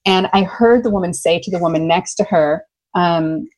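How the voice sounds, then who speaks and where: A woman's voice: fairly low pitch, normal speed, low-quality recording. American woman, love coach, chatty and enthusiastic, telling stories in an interview. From United States. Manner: enthusiastic, animated storyteller. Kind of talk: casual interview conversation.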